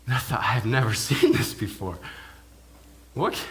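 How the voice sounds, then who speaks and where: Speaking at normal speed with lively intonation, a man with a fairly bright, mid-range voice takes on the role of an awestruck village pig herder. The minister delivers this first-person sermon in church, his words hesitant and frequently repeated.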